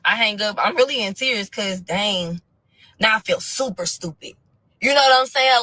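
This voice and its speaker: A woman rants through a personal story for her viewers in bright, cutting tones, heavy with profanity and slang. She drops to low mutters, then bursts into loud crying shouts. The sound is close and dry. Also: lively intonation, a little fast, no room sound, poor audio. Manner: profane, blunt street slang. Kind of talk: casual storytime rant.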